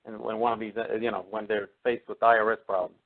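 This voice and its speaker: A man's voice: on the low side, little pitch movement, fast. A man calling in to a radio show, telling his story hesitantly with many fillers. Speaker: caller. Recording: tinny phone line.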